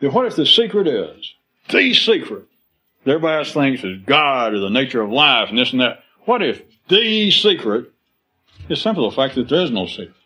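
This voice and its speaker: A man's voice: mid-range voice, big pitch swings, a little fast, bright, forceful tone, slightly rough, low-quality recording. A man speaking to a live audience in a rambling, philosophical way, acting out quoted voices and laughing as he goes.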